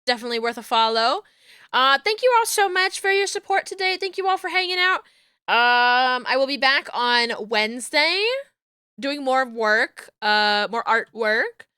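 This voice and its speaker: A woman streamer chatting casually with her viewers, telling stories in a giggly, animated way. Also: sits high, normal speed, smooth, dry recording, clean studio sound.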